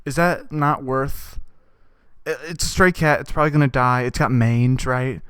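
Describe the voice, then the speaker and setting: A young man rambles through a deadpan comic monologue, tossing in "right?" after nearly every thought. His voice is smooth and resonant, recorded close and dry with no room sound. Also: mid-range voice, moderate pace, no room sound. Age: young adult. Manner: deadpan, absurd, with many "right?" asides. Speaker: podcast host.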